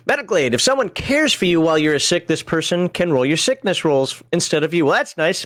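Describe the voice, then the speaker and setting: A man's voice: a little high, big pitch swings, brisk, few pauses, fairly bright tone, dry recording, studio quality. A man casually reading game rules on a livestream, rambling with frequent chuckles and side tangents. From American Upper Midwest.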